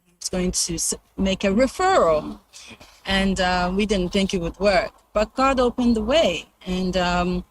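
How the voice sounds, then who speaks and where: A woman presenter sharing a ministry testimony in conversational style, animated when she quotes others, with frequent hesitant fillers. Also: medium pitch, unhurried, a little hiss or hum, low-quality recording.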